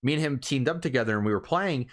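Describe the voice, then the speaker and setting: A man co-hosting a podcast, talking casually in an animated, profane and boastful rant. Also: medium pitch, fast. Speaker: podcast co-host. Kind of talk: casual chat.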